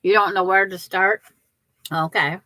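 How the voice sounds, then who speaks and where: A woman's voice: mid-range voice, fairly even intonation, a little slow, sharp tone, dry recording. An older woman hosting a quilting livestream, chatting casually and rambling with viewers, often restarting her sentences.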